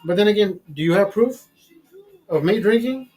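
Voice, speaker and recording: Husky tipsy man ranting crudely. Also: sits high, animated, normal speed, darkish tone, soft background music, low-quality recording. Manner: crude, boastful, swearing constantly. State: tipsy from drinking. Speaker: livestream host. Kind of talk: casual profane rant.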